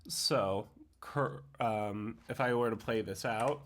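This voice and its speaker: A man teaching how to set a poem to music, thinking aloud with many pauses and fillers, sometimes speaking words slowly in rhythm. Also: fairly low pitch, noisy background. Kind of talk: screen-share tutorial on setting a poem to music.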